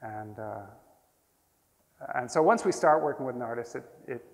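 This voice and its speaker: A man in his sixties, a printmaker, telling rambling, animated anecdotes to an audience. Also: medium pitch, moderate pace. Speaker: printmaker telling stories at a talk. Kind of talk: casual storytelling to an audience. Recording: roomy hall with long reverb.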